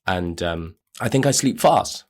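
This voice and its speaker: A man's voice: sits low, unhurried. Rambling man hosting a podcast. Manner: rambling, self-correcting, lively. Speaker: podcast host. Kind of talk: casual monologue.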